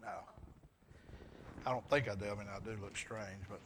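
With a lowish, steady, somewhat bright voice at normal speed, a middle-aged Alabama man runs a Bible class. He poses questions to the group, chuckles as he goes, and restarts a lot; slight background noise is present.

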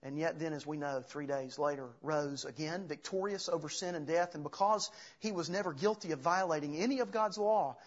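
A man with a slightly high, husky voice preaches an earnest sermon, working through scripture passage by passage. The recording sounds a little dull and lo-fi. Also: a little fast, hardly any pauses. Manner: earnest expository preaching, reading scripture aloud. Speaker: pastor.

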